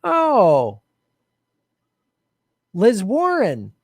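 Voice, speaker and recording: A sarcastic, blunt-talking man delivers an online commentary monologue. His voice sits high and swings up and down as he mocks what he reads. The sound is close and dry, with no room around it. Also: drawn-out words, no echo. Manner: sarcastic and animated; blunt, swears often. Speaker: political commentary host.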